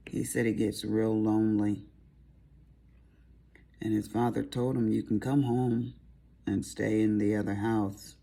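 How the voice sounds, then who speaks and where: A middle-aged Southern woman rambles on in easy, folksy chat as she works at her craft. Her voice is gravelly and husky, with a dark, mellow tone. She drifts from one aside to the next in a relaxed, homey way. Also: extremely low pitch. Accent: Southern American. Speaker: crafting vlogger. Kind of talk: casual chat while diamond painting.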